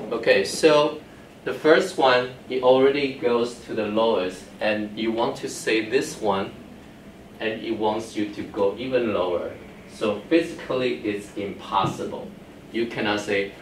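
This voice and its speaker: Speaking slowly in a fairly low voice, a male teacher leads a Chinese class, laying out the rules one step at a time and checking comprehension. The echoey classroom audio is captured from a distance, with a little faint noise.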